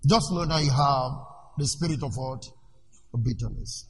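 A male preacher giving a sermon in an animated way. He asks the congregation questions and lets them finish his sentences. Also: mid-range voice, normal speed. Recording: echoey hall with faint noise.

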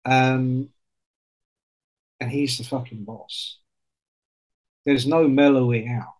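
A man in casual chat on a podcast, telling stories in an animated way and swearing often. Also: medium pitch, takes it slowly, rough recording.

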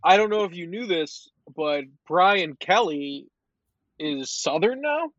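High-voiced joking man on a podcast. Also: expressive, slow pace, a bit bright, dry recording, muffled recording. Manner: joking, leads the segments. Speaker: podcast host. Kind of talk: casual sports chat.

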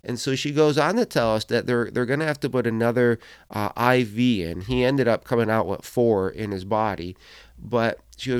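A man's voice: medium pitch, normal speed, clean tone, no echo, clean studio sound. A man, a pastor, giving a sermon, telling a personal story and acting out quoted voices as he goes.

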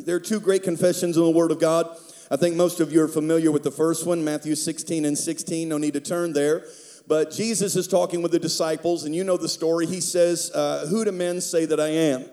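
A male pastor preaches in a relaxed, conversational way, mixing jokes with scripture. His voice is high yet mellow and warm, and he leads his congregation through prayer. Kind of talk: sermon.

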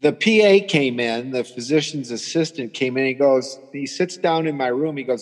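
A man in his sixties telling his story as a patient guest in a halting, rambling way, often restarting. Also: medium pitch, in a large hall. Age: 60s. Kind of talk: conversational storytelling.

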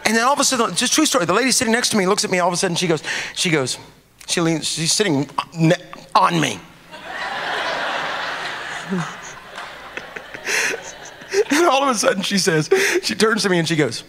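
A man preaching a sermon as a pastor, animated and rising to shouts at times. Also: high-pitched, brisk, pauses often.

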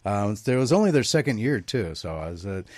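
Jokey male radio host, lowish voice. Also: very animated, fast, darkish tone, no room sound. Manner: jokey, laughing easily. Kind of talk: casual interview.

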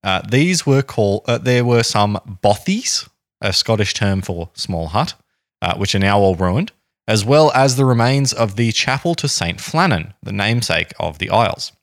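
A man's voice: lowish voice, animated, normal speed, no room sound, studio quality. An Australian man co-hosting a podcast, recounting a story in a rambling, jokey way and often correcting himself. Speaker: podcast co-host. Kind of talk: casual chat, telling a story.

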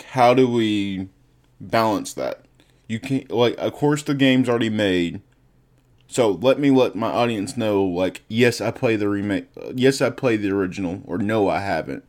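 A man with a fairly low voice talks about reviewing games on a casual podcast. He rambles and halts, trips over his words, and leans on "like" to fill the gaps. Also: a little mellow. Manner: halting, rambling with many "like" fillers. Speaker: podcast co-host, game reviewer. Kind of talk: casual gaming podcast chat.

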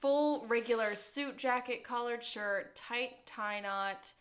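A woman's voice: fairly high pitch, takes it slowly. A woman co-hosting a podcast, recapping a TV episode in casual, joking chat with frequent laughs. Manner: chatty, joking, laughs often. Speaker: podcast co-host.

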